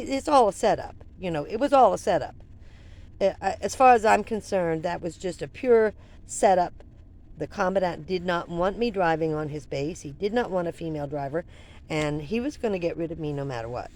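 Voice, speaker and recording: An older woman vlogger telling a personal story in an animated, rambling way, full of restarts and asides. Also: lowish voice.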